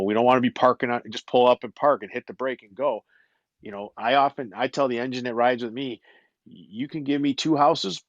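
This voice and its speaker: Buffalo-accented fire captain, mid-pitched man, dry phone audio, stumbles then explains steadily. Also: no room sound. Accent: Buffalo, New York. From Buffalo, New York. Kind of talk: casual panel discussion. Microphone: phone in an audio chat room.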